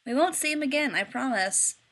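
Woman reading a husky, tired man. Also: sits high, lively intonation, brisk, a bit bright, voice pushed up, heavily acted. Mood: weary. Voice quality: husky, croaky. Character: tired, soft-spoken hungover man.

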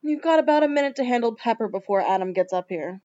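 A woman's voice: fairly high pitch, lively intonation, quick pace, dark tone, muffled recording, natural voice. A woman playing a dry, drawling demon man. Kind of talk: audiobook character reading.

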